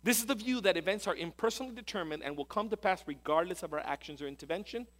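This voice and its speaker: Emphatic preaching man, fairly high voice. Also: fast. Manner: emphatic and sarcastic, rising to loud peaks. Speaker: pastor. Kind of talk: sermon.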